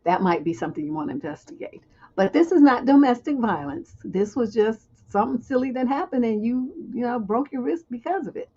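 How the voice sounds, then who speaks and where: A woman's voice: a little high, lively intonation, brisk, mellow, slightly rough, highs cut off. A woman hosting a livestream advice show, reading viewer questions aloud and answering them with blunt, joking frankness. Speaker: relationship advice host.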